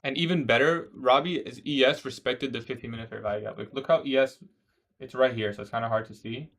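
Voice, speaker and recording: A man's voice: mid-range voice, quick pace, gravelly, a bit bright. A young man day trading on a livestream, talking casually, reading out viewer questions and answering with a laid-back "bro" manner. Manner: casual, says "bro" often, laughs at odd questions.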